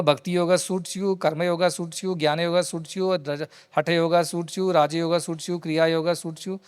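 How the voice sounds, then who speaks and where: A male spiritual teacher, telling a story in a discourse to devotees in a hall. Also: fairly high pitch. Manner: animated storyteller who repeats key phrases. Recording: reverberant hall sound.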